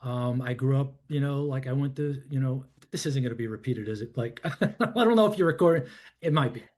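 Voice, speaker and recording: Speaking fairly quickly in a mid-range, somewhat mellow voice, a New York man in his fifties shares his personal history with a podcast host. The conversation is candid and rambling, dotted with "you know" and "I'm like."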